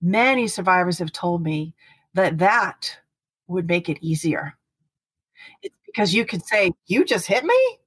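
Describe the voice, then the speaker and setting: A woman in her fifties, a guest speaking about partner abuse in a casual podcast conversation, earnest and animated, acting out the people she quotes. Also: lowish voice, unhurried, long pauses, breathy edge, no room sound. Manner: earnest, animated storyteller who acts out quotes.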